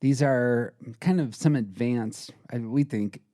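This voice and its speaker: A man co-hosting a podcast, talking in an earnest, relaxed conversational way. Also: mid-range voice, takes it slowly. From Colorado. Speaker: podcast co-host. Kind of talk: casual podcast chat.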